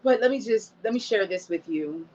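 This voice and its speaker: A woman hosts an online show in a loose, casual way, speaking straight to her viewers. She sounds openly emotional at times. The audio is dull and lo-fi, and her voice sits at a middle pitch. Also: lively intonation, a little fast, darkish tone. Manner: emotional, talks to the audience directly. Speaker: host. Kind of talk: casual livestream hosting.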